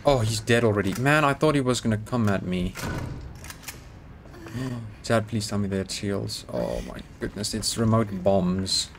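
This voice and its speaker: A man giving excitable let's-play commentary, swearing, joking and pleading with the game as he plays. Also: on the low side, measured pace, vocal fry, slight background noise. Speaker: gaming YouTuber.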